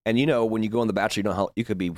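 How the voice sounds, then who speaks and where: A man's voice: lowish voice, racing, no echo, clean studio sound. A man in his thirties, a podcast guest, telling stories in a casual interview with frequent laughs and acted-out voices. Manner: animated storyteller, laughs often, acts out voices.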